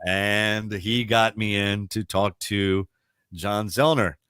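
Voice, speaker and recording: A man from the Baltimore area, a radio broadcaster telling stories in a casual interview, chatty and quick to laugh. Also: lowish voice, fairly even intonation, a bit bright, smooth, no room sound, clean studio sound. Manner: chatty storyteller, laughs often, many restarts.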